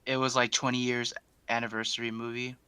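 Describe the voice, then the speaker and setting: A young man with a bright, forward voice, recounting a film scene in excitable casual podcast talk. He stumbles through fillers and restarts, recorded close and dry. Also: medium pitch, fairly quick, clear, resonant tone, no echo. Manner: excitable retelling, heavy with "like" and "uh". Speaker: podcast co-host. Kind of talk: casual chat.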